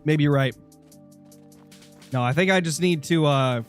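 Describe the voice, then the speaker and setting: Faint music sits behind a young man whose voice is fairly high and a little slow. Streaming a hunting game with a sore, dry throat, he talks casually and answers his chat during live commentary.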